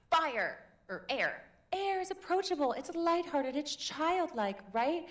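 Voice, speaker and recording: A woman coaching public speaking in a live workshop, energetic and playful, demonstrating different voices. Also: sits high, measured pace, few pauses. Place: workshop room with audience.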